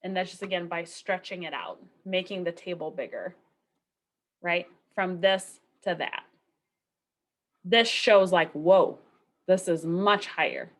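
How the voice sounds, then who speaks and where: A woman's voice: on the low side, measured pace, a bit bright. A woman giving a recorded statistics lecture in a conversational way, asking rhetorical questions and often checking in with okay and right. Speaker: statistics instructor.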